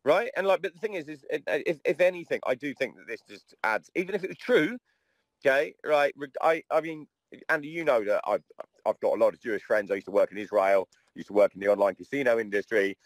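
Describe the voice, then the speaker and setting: A man's voice: medium pitch, fast talker, dry recording. A man in casual podcast chat who speaks bluntly and swears freely.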